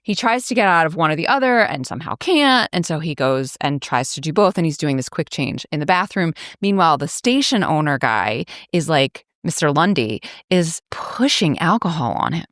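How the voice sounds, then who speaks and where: A woman's voice: low-pitched, expressive, normal speed, few pauses, a bit bright, no echo, studio quality. A woman podcast host casually recapping a plot, chatty and filler-heavy, with wry asides.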